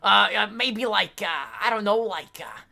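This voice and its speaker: Woman playing a loud, gravelly, bright, food-obsessed dimwit, rambling. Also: mid-range voice, moderate pace. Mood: hungry. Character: food-obsessed brute named Grub, dim and cheerful.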